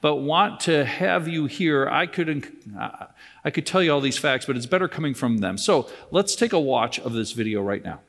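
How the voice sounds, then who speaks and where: A pastor giving a conversational sermon with wry asides, repeating key lines for emphasis. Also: male voice, on the high side, animated, normal speed, a bit bright. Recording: long reverb from the hall.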